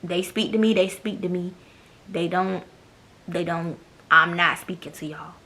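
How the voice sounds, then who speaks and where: Speaking at a measured pace, this young woman has a lowish, sharp-toned voice. She's a vlogger doing a casual storytime monologue for her camera, blunt and profane, with plenty of sass and impressions of others.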